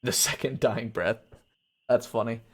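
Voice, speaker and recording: A man's voice: medium pitch, measured pace, a bit bright. Casual crude-talking male streamer. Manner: casual and crude, reads narration then chats. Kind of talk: reading a gamebook aloud on a live stream.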